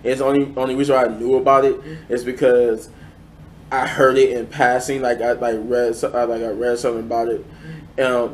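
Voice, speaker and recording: A man talks through a review off the cuff, his voice sitting at an ordinary middle pitch. He restarts sentences often and leans on fillers, keeping a loose, conversational flow. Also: a little hiss or hum. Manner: rambling, many fillers and restarts. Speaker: show reviewer. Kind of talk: casual unscripted review.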